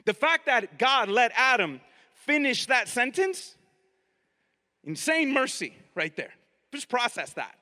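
Animated preacher with a high, bright voice. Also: male voice, big-room sound. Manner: animated, conversational, asks the audience directly. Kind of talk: sermon.

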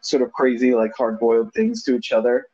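Male podcast co-host, casual film chat, lively laughing delivery, mellow husky tone, lo-fi sound. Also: mid-range voice, brisk. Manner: laughs often, animated, quotes lines from the film. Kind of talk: casual movie discussion. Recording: dull lo-fi sound.

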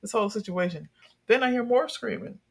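A young adult in a casual chat, telling a story with lively energy and plenty of swearing. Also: medium pitch, fairly quick, creaky, slightly rough. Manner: animated storyteller, swears freely.

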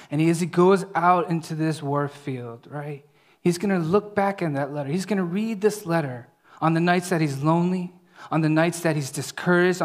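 With a mid-range voice and a conversational manner, this preacher keeps checking in with his audience and often asks "right?". His voice goes soft and hushed whenever he reads scripture.

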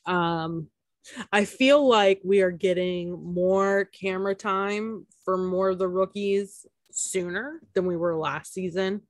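A woman's voice: medium pitch, steady tone, slow pace, no room sound. A woman co-hosting a podcast, chatting casually about a reality show, laughing often and using lots of fillers. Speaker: podcast co-host.

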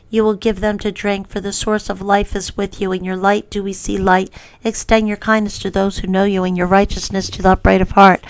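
Woman reading psalms in a flat, smooth voice. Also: medium pitch. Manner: steady reading with occasional fillers.

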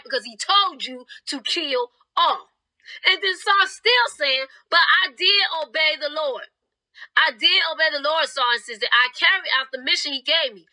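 A woman's voice: sits high, bright, forceful tone, rough recording. A young woman preaching a fervent sermon, retelling scripture in her own words.

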